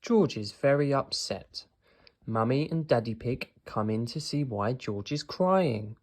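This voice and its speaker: A man reading a children's picture book aloud as narrator, speaking gently. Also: mid-range voice, expressive, measured pace. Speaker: storybook reader. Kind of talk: children's story read-aloud.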